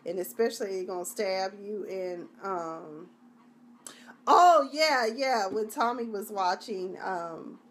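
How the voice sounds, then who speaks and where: A woman's voice: medium pitch, a little slow, few pauses. A woman hosting a casual live-stream review, talking in a chatty, rambling, slangy way. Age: adult (junior high long ago).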